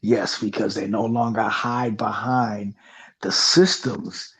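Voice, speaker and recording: A man speaking as a podcast panelist in casual discussion, halting and searching for words. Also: on the low side, steady tone, a bit bright, breathy edge, poor audio.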